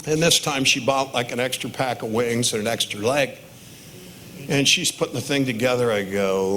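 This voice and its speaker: A man's voice: mid-range voice, normal speed, pushed and bright. 60s dad doing a wedding toast, storytelling, laughs at his own jokes. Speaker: father of the bride giving a toast. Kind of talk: wedding reception speech.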